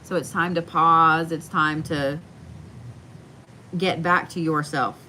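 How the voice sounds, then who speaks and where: A woman's voice: sits low, fairly even intonation, bright, forceful tone, a little hiss or hum. Soothing woman reading cards live. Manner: slow, soothing, repeats reassurances. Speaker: tarot card reader. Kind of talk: live-stream card reading. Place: home, indoors.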